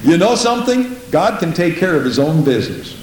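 Briskly and with big pitch swings, a man tells stories in an emphatic sermon, returning often to the praise phrase "Praise the Lord." A faint hiss sits under the heavy echo of the room.

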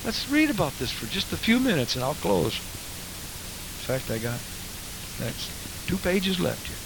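A man's voice: fairly high pitch, big pitch swings, unhurried, gravelly, poor audio. A man preaching a sermon, quoting scripture and pressing his points with rhetorical questions. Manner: emphatic, rhetorical questions, quotes scripture in King James wording. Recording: faint hiss.

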